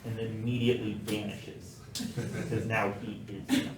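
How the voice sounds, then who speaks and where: A man lecturing a math class in a relaxed, joking manner with frequent fillers. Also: on the low side, moderate pace, background noise. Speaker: math professor. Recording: echoey classroom, mic some distance off.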